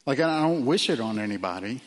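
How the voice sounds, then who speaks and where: A man preaching a sermon earnestly, with frequent fillers and quiet drops for emphasis. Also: mid-range voice, animated, fairly quick, big-room sound. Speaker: pastor.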